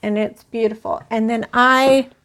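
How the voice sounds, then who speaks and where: A woman with a slightly high voice hosts a casual crochet live stream. She talks slowly and rambles, chatting with viewers in the chat. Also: fairly even intonation, fairly bright tone. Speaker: crochet channel host.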